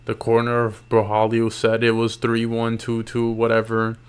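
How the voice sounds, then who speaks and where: A man's voice: mid-range voice, completely flat delivery, measured pace, smooth. A tired man recapping MMA fights late at night in loose, slangy casual talk, yawning and restarting his sentences. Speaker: MMA YouTuber.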